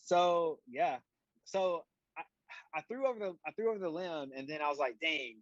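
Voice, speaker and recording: A young man appears as a guest on a stream, his voice a little high and expressive at a moderate pace. He rambles through casual chat, packing in "like" and "you know" and cracking dry jokes. The remote audio is slightly muffled, with no room sound.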